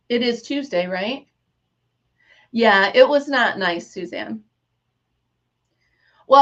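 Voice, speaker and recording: Hosting an informal craft livestream, this middle-aged woman greets her viewers by name and spins lively stories. Her voice sits on the higher side, and the recording has its high frequencies cut off.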